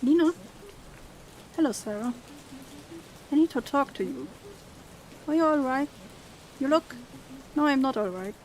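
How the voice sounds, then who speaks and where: A young woman, her voice sitting a bit high, plays through a story game. She reads each character's lines aloud with feeling and slips easily into relaxed chat with her viewers. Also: measured pace, pauses often, a little hiss or hum. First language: German. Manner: reads dialogue expressively, then chats casually. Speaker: streamer. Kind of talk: let's play, reading game dialogue aloud and chatting with viewers.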